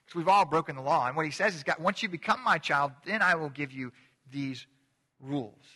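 Conversational pastor in a big echoing hall. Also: male voice, fairly high pitch, animated, a little fast, pushed and bright. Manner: conversational, repeats words when restarting. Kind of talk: sermon. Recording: long hall reverb.

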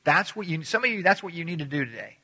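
A quick-talking man preaches in a bright, forceful voice that rings through a large hall with a long reverb. He is animated and chatty, jumping into high voices to act out scenes and stumbling over repeated words as he restarts sentences. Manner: animated, acts out voices with sudden pitch jumps. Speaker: pastor. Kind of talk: sermon.

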